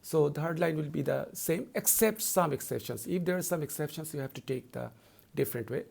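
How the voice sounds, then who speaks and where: Male lecturer, gravelly tone, patient repetitive teacher delivery. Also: fairly high pitch, a little mellow. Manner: deliberate, repetitive explaining, slows down to read verse lines. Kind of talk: recorded lecture.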